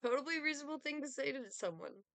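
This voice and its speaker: A woman's voice: high-pitched, animated, fast talker, creaky, fairly bright tone, no room sound. A young woman streaming a game, reading her replies with sarcasm and laughing often. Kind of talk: casual gameplay commentary.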